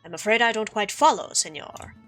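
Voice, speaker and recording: A woman's voice: medium pitch, animated, a little fast, a bit bright, soft background music. A woman voicing a sly male fox con artist. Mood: feigned courtesy. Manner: theatrical, silky and evasive. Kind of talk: reading game dialogue aloud.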